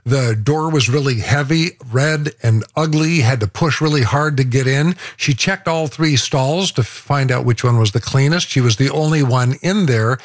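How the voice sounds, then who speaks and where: A man's voice: medium pitch, normal speed, few pauses, no echo. Conversational male radio host, dry sound. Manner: conversational storytelling. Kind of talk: radio segment narration.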